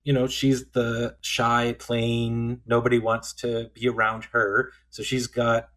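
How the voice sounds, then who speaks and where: A man co-hosting a podcast, talking through a film in a thoughtful, halting way, often restarting his sentences. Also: medium pitch, monotone, fairly bright tone. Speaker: podcast co-host. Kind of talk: casual film discussion.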